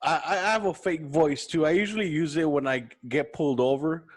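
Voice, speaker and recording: A man's voice: fairly high pitch, a little fast. A man hosting a podcast, laughing a lot and swearing casually as he praises his guest. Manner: laughing, profane, enthusiastic. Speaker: podcast host.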